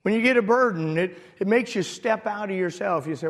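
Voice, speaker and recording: A middle-aged man, a pastor, preaching a sermon and telling a personal story with emotion, at times rising to shouted prayer. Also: sits high, fairly quick, creaky, few pauses. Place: church sanctuary. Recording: long hall reverb.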